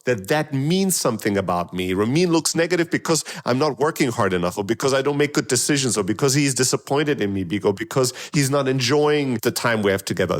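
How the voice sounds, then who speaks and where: Podcast host, male, mid pitch, candid and self-searching, slips into playing his own inner voice. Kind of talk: reflective solo podcast monologue.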